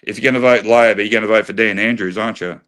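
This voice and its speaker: A man's voice: fairly low pitch, steady tone, rapid-fire, a bit bright. An Australian man hosting a livestream, arguing heatedly, swearing and repeating himself as he lectures.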